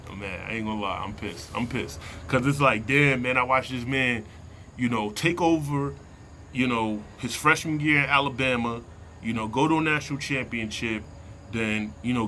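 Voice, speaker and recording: A man vlogging a heated sports opinion rant from inside a vehicle, slangy and worked up, repeating himself and sinking into low mutters. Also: sharp tone, slight background noise.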